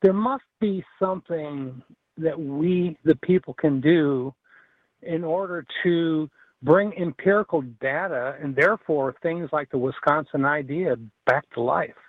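A man calling in to a radio show, making his point in an earnest, deliberate way. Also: a little high, no echo. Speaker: radio caller. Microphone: telephone. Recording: tinny phone line.

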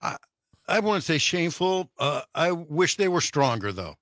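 A man's voice: on the high side, very animated, moderate pace, fairly bright tone, no room sound, clean studio sound. A male co-host on a talk radio show, speaking plainly and restarting phrases.

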